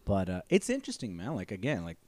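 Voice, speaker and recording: Skeptical man with lively intonation. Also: fairly low pitch, fast, dry recording. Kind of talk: casual chat.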